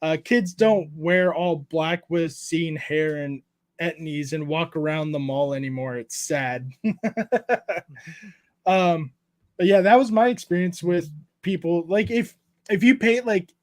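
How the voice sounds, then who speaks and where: A man hosting a casual livestream, reading chat aloud and telling profane, animated stories. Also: on the high side, slow. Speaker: streamer host.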